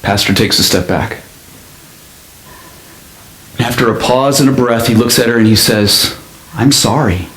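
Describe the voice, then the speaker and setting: A male pastor telling a story in a sermon, with an expressive delivery that speeds up and slows down. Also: medium pitch. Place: church sanctuary. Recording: echoey church sanctuary.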